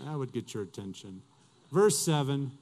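A man's voice: medium pitch, very animated, moderate pace, a little mellow. A male pastor preaching a sermon in a conversational way, asking his listeners questions and reading scripture aloud.

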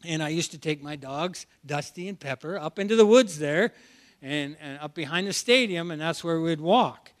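A man's voice: a little high, lively intonation, moderate pace. A man preaching an expository sermon, talking animatedly and often repeating words as he restarts a phrase. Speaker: preacher teaching from the Bible.

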